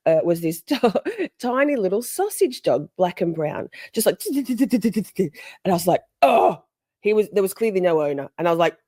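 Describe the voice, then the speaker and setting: A middle-aged woman tells a story on a live stream, chatty and animated, stopping to greet viewers. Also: lowish voice, normal speed, dry recording, clean studio sound.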